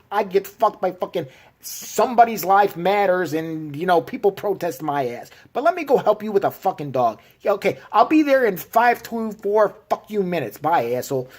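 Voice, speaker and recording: A gruff, worn-out city cop rants sarcastically and swears at every turn, as a man puts him on in his vlog. He sounds put-upon and mocking, lifted a little above the performer's usual pitch. His delivery stays rough and dismissive. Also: a little mellow. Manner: mocking, profane rant. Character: gruff sarcastic male Chicago cop, fed up.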